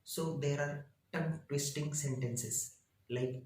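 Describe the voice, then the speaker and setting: A man, a teacher reading his lesson out slowly in short, halting phrases. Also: medium pitch, darkish tone, reverberant, slight background noise, low-quality recording. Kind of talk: reading lesson slides aloud.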